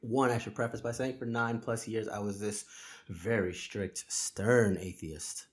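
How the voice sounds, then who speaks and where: A man talking as a podcast guest, telling myths and stories in a relaxed conversation. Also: on the low side, a little slow. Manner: animated storyteller, retells myths with acted quotes. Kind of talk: casual conversation.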